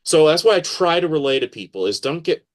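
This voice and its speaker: A man talking as a podcast guest in a casual interview, animated and acting out quoted voices as he explains. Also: fairly high pitch, a little fast.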